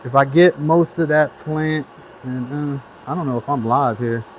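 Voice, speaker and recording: A man's voice: mid-range voice, steady tone, normal speed, slight background noise, low-quality recording. Easygoing man hosting a live stream. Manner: rambling, easygoing, gives hands-on tips. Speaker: livestream host. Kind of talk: casual live-stream chat.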